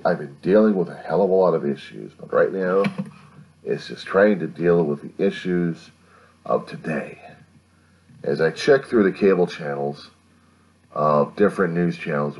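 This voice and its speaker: A man's voice: rumbling low, moderate pace, a little mellow, husky. A man in his fifties from the United States, rambling through a late-night monologue to his own camera at home and keeping his voice down so he won't wake the neighbors. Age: 50s. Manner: keeps his voice down, musing and grumbling. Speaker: video diarist. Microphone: camera he set up himself.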